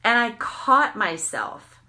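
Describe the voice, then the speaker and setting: A woman coaching on tapping, telling candid, animated stories and swearing freely. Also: a little high, takes it slowly. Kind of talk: casual storytelling monologue.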